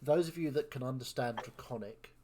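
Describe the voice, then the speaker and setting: A man narrating as game master, prompting players in an easygoing, unhurried way. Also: mid-range voice, noisy background.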